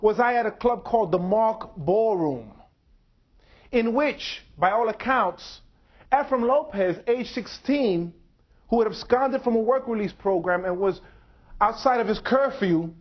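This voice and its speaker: A man with a fairly high voice gives a slow, deliberate public talk at a university. The recording sounds dull and lo-fi. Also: animated. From United States. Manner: slow, measured, deliberate delivery. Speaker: speaker. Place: university lecture hall.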